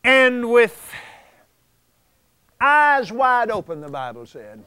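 A man preaches a folksy sermon in a very high voice, chuckling as he tells the story. His pitch leaps and swoops with animation, and he takes his time, spoken slowly. The sound is dry and close, with no room around it. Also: sing-song, bright, forceful tone, smooth, dry recording.

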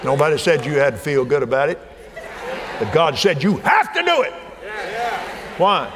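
An older man preaching a sermon in a folksy way, dropping to soft murmurs and rising to shouts. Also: fairly high pitch, huge pitch swings, normal speed, pauses often, a faint crowd, slight background noise. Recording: hall reverb, faint ambience.

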